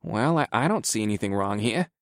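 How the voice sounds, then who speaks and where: A man's voice: on the low side, lively intonation, brisk, no echo, studio quality. A man voicing a nervous, apologetic male health inspector who stammers when flustered.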